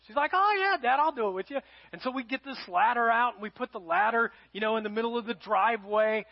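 A middle-aged pastor preaching a sermon, telling a family story and swinging between loud emphasis and hushed, quiet lines. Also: male voice, high-pitched, fast, creaky. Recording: dull lo-fi sound.

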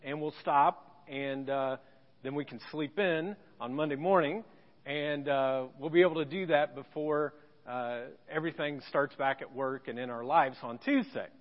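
A pastor telling a personal story in a sermon, with self-deprecating humor. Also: male voice, on the high side, normal speed, in a large hall, highs cut off. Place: church sanctuary.

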